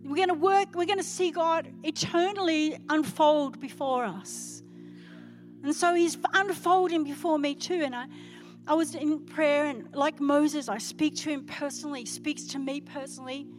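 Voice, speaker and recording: A middle-aged woman pastor preaching a sermon in church, telling her story with dramatic swings from hushed whispers to crying out. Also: high-pitched, normal speed, faint music behind. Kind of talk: sermon testimony.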